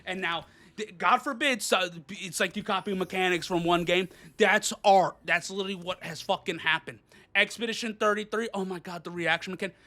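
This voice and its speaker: A man's voice: high-pitched, steady tone, brisk, bright, forceful tone. A man reviewing games, ranting in a profane, exasperated way. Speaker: game reviewer. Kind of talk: ranting game commentary.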